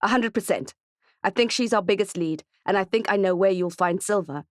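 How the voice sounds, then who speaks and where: A woman voicing Keke, a tough, frantic female friend who talks bluntly and swears, in a dark thriller audiobook. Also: medium pitch, a little fast, dry recording, clean studio sound, close to an everyday voice. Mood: urgent.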